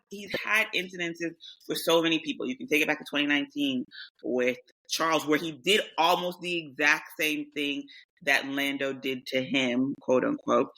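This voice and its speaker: A woman's voice: low voice, sharp tone, poor audio. A woman co-hosting a casual podcast chat, making her case bluntly. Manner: blunt, argumentative. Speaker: podcast co-host.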